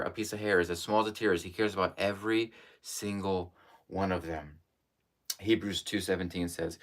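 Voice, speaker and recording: A man preaching a live online sermon, earnest and emphatic, repeating key phrases and sometimes dropping to a hush. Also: on the low side.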